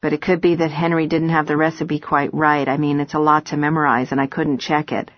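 A man's voice: fairly high pitch, level tone, brisk, dry recording, highs cut off, lightly acted. A woman reading an audiobook voices a tall, gaunt man who speaks earnestly and apologetically. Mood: remorseful. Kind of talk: audiobook character voice.

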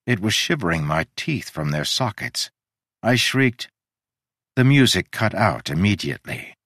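A man narrating a story in a measured, descriptive way. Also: on the low side, lively intonation, a bit bright, no room sound, studio quality.

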